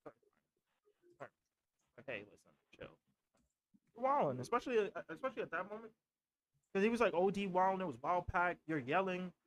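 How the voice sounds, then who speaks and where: High-voiced young man telling stories. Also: lively intonation, fairly quick, long pauses, low-quality recording. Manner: loose storytelling, acts out quotes. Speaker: podcast co-host. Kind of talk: casual chat.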